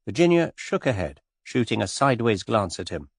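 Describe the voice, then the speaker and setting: Husky-voiced male audiobook narrator. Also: lowish voice, very animated, fairly quick, few pauses, dry recording, studio quality.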